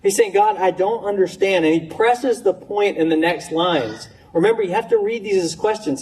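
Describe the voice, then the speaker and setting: Higher-voiced pastor preaching from a distance. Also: male voice, sing-song, normal speed, hardly any pauses, a little mellow. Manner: conversational preaching, stammering restarts, voicing questions with rising pitch. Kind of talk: sermon. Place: church sanctuary.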